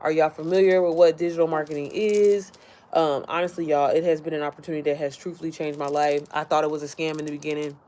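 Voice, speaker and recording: A woman's voice: low-pitched, fairly even intonation, fast, warm tone. A woman chatting casually to her followers from home, rambling, easily sidetracked and often speaking straight to her viewers. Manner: rambling, chatty, keeps addressing viewers directly. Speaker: online business creator.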